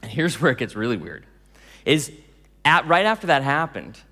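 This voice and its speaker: A man giving a storytelling talk to an audience, animated, laughing often and acting out dialogue. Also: mid-range voice, moderate pace, long reverb tail. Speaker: speaker telling stories to an audience.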